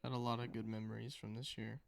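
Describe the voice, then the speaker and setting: Hesitant man with a gravelly voice. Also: mid-range voice, level tone, fast talker. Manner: hesitant, reflective. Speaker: podcast guest. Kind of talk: casual chat.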